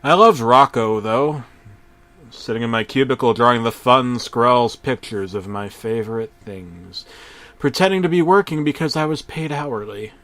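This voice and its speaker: A man narrating a parody horror story in a deadpan voice, breaking into sudden shouted outbursts and swearing. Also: medium pitch, normal speed.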